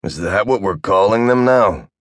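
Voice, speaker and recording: A weary, sardonic officer trades dry, cutting remarks in a low voice, played by a man. The sound is close and dry, as in a studio booth. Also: animated, normal speed, no echo, natural voice. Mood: dry, sarcastic. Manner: dry, sarcastic. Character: sardonic, weary male officer under medication.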